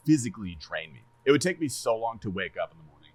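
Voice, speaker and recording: A man casually chatting on a podcast, animated and laughing a lot, swearing freely and stumbling over repeated words. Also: lowish voice, quick pace, no room sound. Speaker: streamer and podcast co-host.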